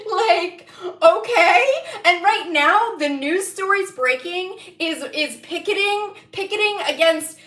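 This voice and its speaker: A woman's voice: extremely high pitch, lively intonation, slow, fairly bright tone, roomy sound. A woman doing a livestreamed tarot reading, venting angrily with lots of swearing and breaking into laughter. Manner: angry, profane venting broken by laughter. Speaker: tarot reader.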